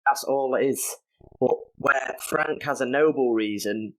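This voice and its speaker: A man's voice: medium pitch, measured pace. A man with a British accent, a guest on a podcast, talking loosely in casual chat with plenty of fillers. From Britain. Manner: conversational, loose phrasing with fillers.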